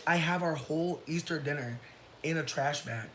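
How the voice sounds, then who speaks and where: A person in their thirties telling a story on a casual livestream, profane and animated, breaking into shouts and laughter. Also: mid-range voice, fairly quick, slight background noise. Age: 30s. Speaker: livestream host.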